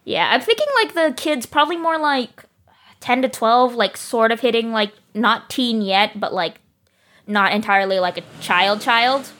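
A woman's voice: fairly high pitch, moderate pace, fairly bright tone. A woman chatting casually as a tabletop game player, enthusiastic and giggly, often stopping mid-sentence. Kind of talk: casual chat.

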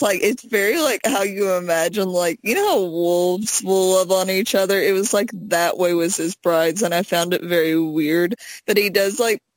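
A woman's voice: fairly low pitch, dry recording, poor audio. A young woman co-hosting a casual podcast chat, rambling with many fillers and restarts. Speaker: podcast co-host.

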